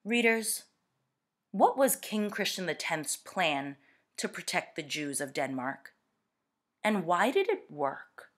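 A woman teacher reading a picture book aloud to students, expressive and deliberate. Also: lowish voice.

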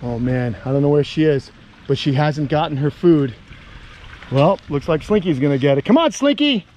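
A man vlogging outdoors, coaxing a big lizard along in a sing-song voice and talking excitedly to his viewers. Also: fairly high pitch, moderate pace, slight background noise. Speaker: reptile keeper vlogger. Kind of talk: excited outdoor vlog narration. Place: outdoors on a property.

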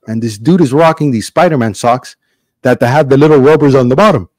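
A middle-aged man hosting a podcast in casual chat, an animated storyteller who acts out quotes in big voices. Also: medium pitch, brisk, no room sound. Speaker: podcast host.

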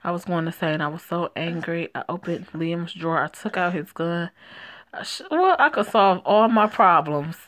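Quiet bitter young woman, woman voices her, low and subdued. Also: normal speed, lightly acted. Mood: hurt.

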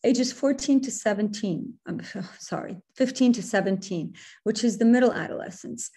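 Earnest woman speaker with a mellow voice. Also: fairly high pitch, moderate pace, breathy edge. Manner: earnest, repeats and corrects herself, mixes in Arabic phrases. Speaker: workshop speaker. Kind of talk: webinar presentation to parents.

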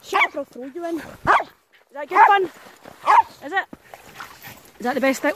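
Out in snowy, muddy countryside, a woman who walks dogs for a living vlogs casually, joking with her dogs, calling to them and laughing a lot. Her high voice is animated and moves at a normal pace, broken by long pauses, over background noise.

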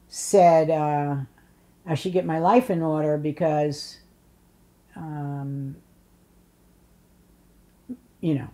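A woman's voice: sits low, dark tone. An older woman in an oral history interview, telling blunt, funny stories and acting out what people said. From Polish immigrant family. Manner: blunt storyteller, acts out voices and curses.

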